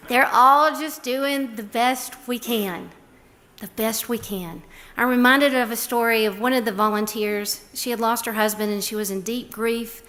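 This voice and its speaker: A woman's voice: fairly high pitch, steady tone, normal speed. A middle-aged woman giving a prepared talk, telling stories and acting out the quoted lines. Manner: warm, storytelling, acts out quotes. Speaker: speaker on a respite care program.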